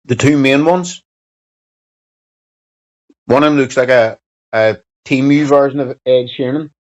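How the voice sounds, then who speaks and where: Male streamer, profane rambling banter, mid-pitched voice, dull lo-fi mic. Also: unhurried. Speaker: live streamer. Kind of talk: casual stream chat.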